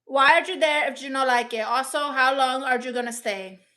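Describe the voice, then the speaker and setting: Sassy high-voiced woman chatting live. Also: moderate pace, sharp tone. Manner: blunt and sassy, peppered with Spanish exclamations. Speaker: livestream host reading viewer comments. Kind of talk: casual live chat. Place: rented apartment indoors.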